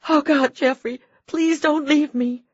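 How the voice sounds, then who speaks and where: A woman's voice: low voice, expressive, moderate pace, breathy edge, dry recording, highs cut off. A woman voicing a young wife who is tender at first and then desperate, pleading and crying out. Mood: anguished. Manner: pleading, sobbing cries. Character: young wife, loving then grief-stricken.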